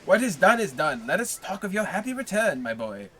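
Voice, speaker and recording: A man's voice: high-pitched, sing-song, a little fast, pushed and bright, slight background noise, voice pushed up, full character voice. A man reading aloud, voicing a grizzled, worldly male tailor neighbor who talks in a hearty, overly familiar way.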